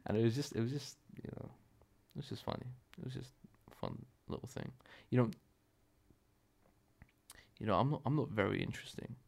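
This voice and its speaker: This young podcast host has a mid-range, darkish voice with vocal fry, moving at a moderate pace and pausing often. His solo storytelling is casual, rambling, and profane, with frequent self-corrections.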